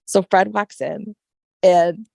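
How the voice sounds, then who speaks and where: A woman guest telling a personal story in casual conversation, animated and full of "like" and "right?" fillers. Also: medium pitch, slow, gravelly, no echo, clean studio sound. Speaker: podcast guest.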